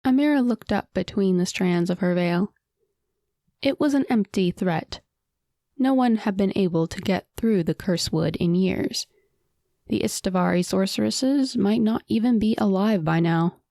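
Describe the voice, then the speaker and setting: A woman narrating a fantasy audiobook in a measured, dramatic storytelling manner. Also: mid-range voice, creaky, dark tone, no echo, clean studio sound.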